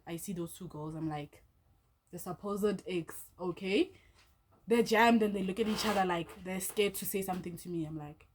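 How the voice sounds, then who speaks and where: Animated woman telling a story. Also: on the low side. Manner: animated storyteller, acting out each person's lines; casual, swears freely. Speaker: vlogger. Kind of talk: storytime vlog.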